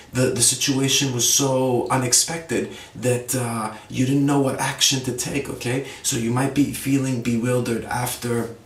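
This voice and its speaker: A man teaches English vocabulary in a relaxed, chatty way and keeps asking his listeners "okay?" as he goes. His voice sits in a middle register. It is picked up from a little way off the mic, in a room that gives it a noticeable echo. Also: mid-range voice, recorded from a distance. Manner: conversational, frequent "okay?" check-ins, acts out example phrases. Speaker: ESL teacher, podcast host. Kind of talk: casual vocabulary lesson.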